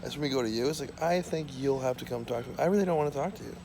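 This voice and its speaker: A man with a gravelly, fry-laden voice at an everyday middle pitch rants to his camera from his small home. His talk is profane, repetitive and wanders from point to point. Faint vehicle noise hums in the background. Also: very fast. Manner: ranting, profane, repetitive, drifting off topic. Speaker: vlogger. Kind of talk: rambling monologue to camera.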